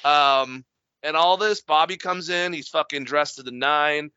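A man's voice: fairly high pitch, unhurried, sharp tone, clean tone, no echo, muffled recording. A man co-hosting a podcast, casually recapping wrestling in long run-on stretches and swearing freely. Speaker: podcast co-host.

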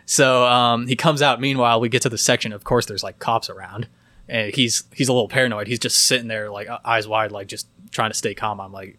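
Brief: twenties male podcast co-host, animated storyteller, mid-pitched, dry close sound. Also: no room sound. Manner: animated, fast storytelling with lots of quoting. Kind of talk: casual storytelling chat.

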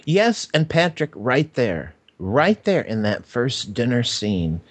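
A man co-hosting a casual movie podcast who pauses often and restarts his sentences. His pitch moves lively, and the sound is dry and close with no room around it. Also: breathy edge, no room sound. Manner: hesitant, full of uh fillers, laughs easily. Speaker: podcast co-host.

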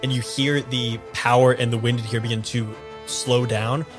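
A man running a tabletop role-playing game, describing scenes in a casual, rambling way full of fillers. His voice sits at a middle pitch for a man. Music plays clearly behind him. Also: little pitch movement, moderate pace. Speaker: game master.

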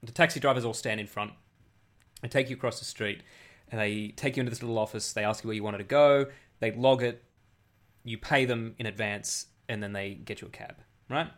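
A man's voice: on the low side, fairly quick. Chatty man telling a rambling story. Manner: rambling storyteller with many restarts. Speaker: podcast co-host. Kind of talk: casual comedic chat. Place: abroad, living in Asia.

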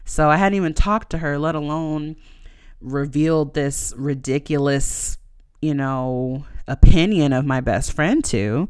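Young woman podcaster, frank, emotional storyteller, smooth voice, dry close sound. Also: low voice, unhurried, darkish tone, no echo. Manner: emotional, frank, swears casually, many fillers. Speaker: podcast host. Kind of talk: candid personal storytelling.

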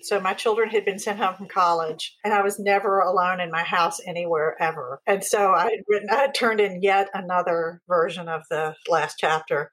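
A woman in her fifties, a guest author chatting in an interview, telling animated stories and acting out quoted lines. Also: fairly low pitch, poor audio. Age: 50s. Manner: animated storytelling, acts out quotes. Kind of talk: casual interview chat.

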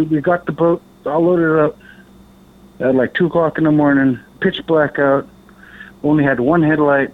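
A man from Alaska, a podcast guest, telling a rambling story in casual talk, swearing now and then and acting out what others said. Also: medium pitch. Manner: rambling, animated, swears, acts out others' lines. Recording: tinny phone-like line.

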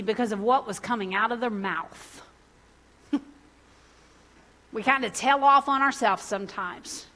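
A woman, preaching a sermon in a lively, conversational way and acting out the people in the story. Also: high-pitched. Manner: lively, conversational, acts out biblical characters in casual voices.

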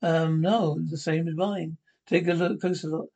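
An actor with a Scottish accent playing a cantankerous older pensioner in a TV sitcom, trading blunt, sweary banter. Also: male voice, fairly high pitch, fairly even intonation, normal speed, a little mellow. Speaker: sitcom character. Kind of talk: scripted TV sitcom dialogue.

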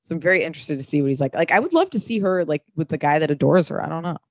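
A woman in her thirties co-hosting a casual chat, blunt and quick to swear. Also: sits low, animated. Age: 30s. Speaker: podcast co-host.

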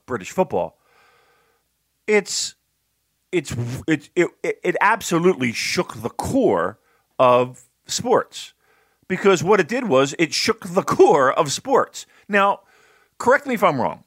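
Lively, just-woken-up North American man. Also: a little high, dry recording, clean studio sound. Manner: animated, rambling, many restarts. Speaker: podcast co-host. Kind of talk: casual chat.

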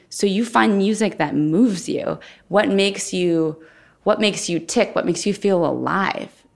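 Woman with a gravelly low voice. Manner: candid, thoughtful storytelling. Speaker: guest, former Olympic figure skater. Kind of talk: reflective interview conversation.

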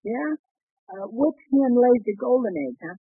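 An actor playing a bumbling, good-natured husband lost in a dream, hesitant and full of uh's, in a 1940s radio sitcom. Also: male voice, extremely high pitch, lively intonation, moderate pace, slightly rough, no room sound, heavily acted. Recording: thin lo-fi 1940 radio broadcast.

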